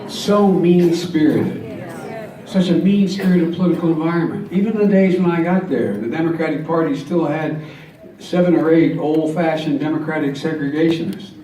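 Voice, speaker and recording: A man's voice: on the high side, mellow. A man in his seventies giving a campaign speech at a rally, telling folksy stories with jokes and earnest emphasis. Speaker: guest speaker at a campaign rally. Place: large convention hall. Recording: echoey hall, distant mic, faint noise.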